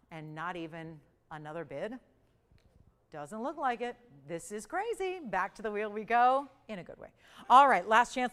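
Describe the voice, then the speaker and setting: Woman, shopping-TV host, chatty, playful, calls auction countdowns with big upward jumps; studio lapel mic. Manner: chatty, animated, jokey, pitch swings up for countdowns. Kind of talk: live jewelry auction selling.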